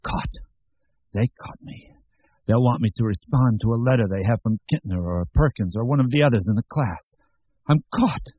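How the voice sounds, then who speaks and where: A man doing a frightened young writer muttering to himself in a storybook reading, voice low and husky. The sound is dry and close, with mellow warmth under the strain. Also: quick pace, few pauses, dry recording, lightly acted. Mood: panicked.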